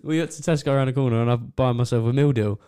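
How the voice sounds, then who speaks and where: A man's voice: medium pitch, rapid-fire, mellow, clean tone. A young man co-hosting a podcast, rambling through anecdotes in casual chat and chuckling often. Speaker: podcast co-host.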